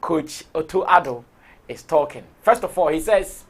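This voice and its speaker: A man with a Ghanaian accent hosting a live entertainment talk show, his voice hoarse, talking in an excitable, expressive way and laughing often. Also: on the high side, normal speed. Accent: Ghanaian English. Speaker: show host.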